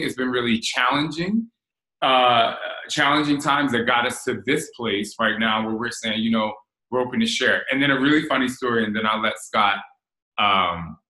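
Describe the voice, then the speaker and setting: A man's voice: mid-range voice, roomy sound, low-quality recording. A man in his forties from New Jersey, hosting a casual chat and candidly telling stories from his relationship. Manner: candid, animated storyteller. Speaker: host.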